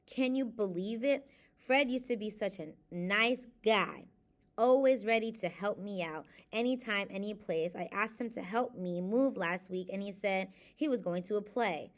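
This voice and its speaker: A young adult woman with a mid-range voice speaks at normal speed in a casual confessional vlog. She reads from a self-help book, then vents candidly to camera, emotional and open as she shifts between the two.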